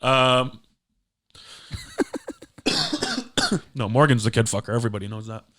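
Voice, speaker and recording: A man's voice: mid-range voice, wildly swooping pitch, takes it slowly, bright, forceful tone. Playful rambling male podcast host. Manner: rambling, playful, with frequent fillers. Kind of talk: casual comedic podcast chat.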